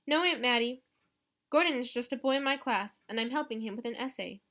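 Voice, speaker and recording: A woman's voice: fairly high pitch, fairly quick, fairly bright tone. A woman voicing a prim, self-important teenage girl with a curt, dismissive manner.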